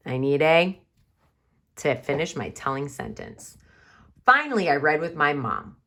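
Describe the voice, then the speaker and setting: A woman kindergarten teacher giving a remote writing lesson to young children, sounding out words slowly and reading her story aloud with exaggerated expression, recorded on camera at home. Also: extremely low pitch, lively intonation, a bit bright. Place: home, recorded for online class.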